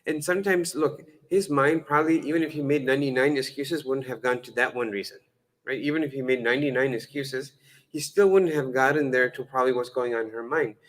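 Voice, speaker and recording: A man's voice: mid-range voice, fairly quick, a bit bright, poor audio. A man giving a lecture-style sermon in a conversational, humorous way, often restarting words and acting out dialogue. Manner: conversational and humorous, frequent fillers and self-corrections; acts out dialogue with changing voices. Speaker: Islamic lecturer.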